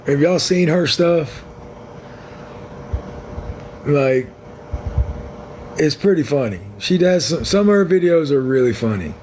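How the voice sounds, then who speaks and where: A man's voice: a little high, lively intonation, takes it slowly, pauses often, darkish tone, a little hiss or hum. A man hosting his own livestream, talking in a blunt, frank and rambling way to viewers on a phone. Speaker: livestream host. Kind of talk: casual livestream chat.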